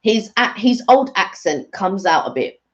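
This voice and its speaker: A woman's voice: mid-range voice, sing-song, unhurried. A woman co-hosting a live stream, chatting casually and rambling with fillers and restarts. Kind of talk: casual chat. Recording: dull lo-fi stream audio.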